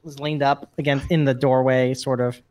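A man playing a tabletop game, talking in a low-key, somewhat hesitant way. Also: flat delivery, normal speed, a crowd in the background. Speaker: player. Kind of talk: casual tabletop play.

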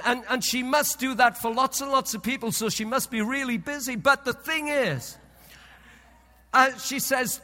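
Man preaching, high voice, bright tone, storytelling sermon, repeats words, long church-hall reverb. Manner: storytelling, repeats words, drops low and soft for solemn points. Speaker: pastor.

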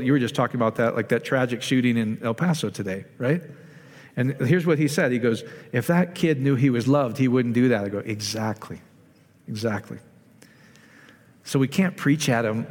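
Guy preaching to a small group, chatty, keeps asking the room questions, voice jumps up when excited, echoey hall. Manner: conversational, asks the audience questions, rises in pitch when excited. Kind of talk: informal sermon to a small group.

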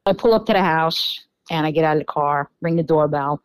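A woman with a New York accent telling a dating story in a casual podcast interview, animated and full of fillers, acting out quoted dialogue. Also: low-pitched, brisk, no room sound, low-quality recording. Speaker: podcast guest.

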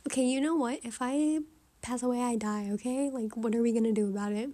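A young woman telling a rambling personal story in a quiet, hushed way, full of fillers. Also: fairly high pitch, fairly quick. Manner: chatty, rambling, many fillers. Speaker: vlogger. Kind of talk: casual storytime chat.

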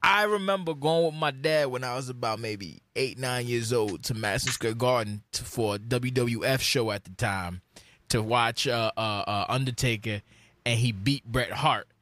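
A man in his late thirties from New York, co-hosting a podcast in casual chat with animated storytelling. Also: mid-range voice, normal speed. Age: late 30s. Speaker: podcast co-host.

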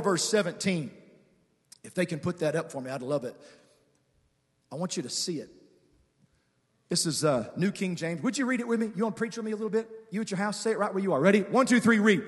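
Man, guest preacher, sermon, high voice, long church reverb, quiet asides to shouted proclamations, call-and-response. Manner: swings from quiet, conversational asides to shouted, drawn-out declarations; calls for congregation responses. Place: large church sanctuary with reverb.

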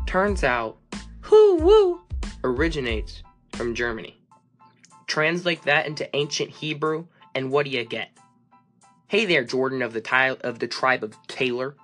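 A man's voice: a little high, a bit bright. A young man hosting a fan podcast in a casual, playful, joking way. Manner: playful, joking, quick asides.

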